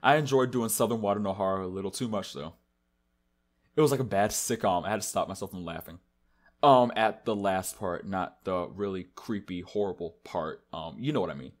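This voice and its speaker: A man's voice: deep voice, a little fast. A man casually commenting on a game he is playing, chatty and self-mocking. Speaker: let's-play narrator.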